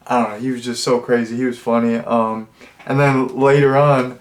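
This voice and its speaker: A man's voice: mid-range voice, fairly even intonation, moderate pace. A young man giving a casual, rambling movie review, full of fillers and restarts.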